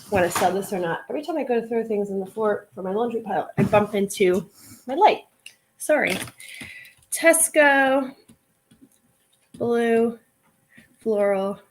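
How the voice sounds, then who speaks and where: At home, a woman with a medium, slightly bright voice runs a casual live stream while sorting a pile of clothes to resell. Her chatter rambles and is packed with fillers.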